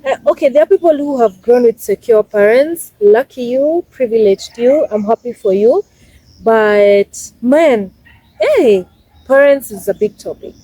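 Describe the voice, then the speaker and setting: A woman's voice: fairly high pitch, animated, a little slow, mellow, no echo, rough recording. A Kenyan woman in her twenties giving emphatic, casual life advice in a vlog, repeating her points for stress. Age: 20s. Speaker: vlogger.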